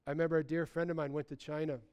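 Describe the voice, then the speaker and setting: Man, pastor, sermon, high voice, smooth clear tone, animated conversational delivery. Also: rapid-fire. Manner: animated, conversational preaching with repeated restarts.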